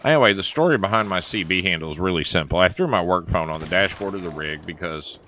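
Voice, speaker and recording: Southern man, low voice, crisp bright tone, chatty wry game streamer. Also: quick pace, a little hiss or hum. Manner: drawling storyteller, chatty and wry. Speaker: streamer and former truck driver. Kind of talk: casual gaming chat and storytelling.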